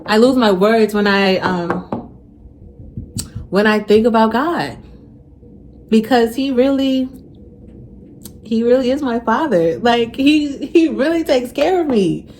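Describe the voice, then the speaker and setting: A woman's voice: a little high, slow pace, long pauses, a little mellow, a little hiss or hum. A young woman talking casually and earnestly to her viewers in a faith vlog. She repeats phrases for emphasis and becomes emotional when she speaks of her faith. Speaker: faith vlogger. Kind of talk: casual heartfelt vlog talk.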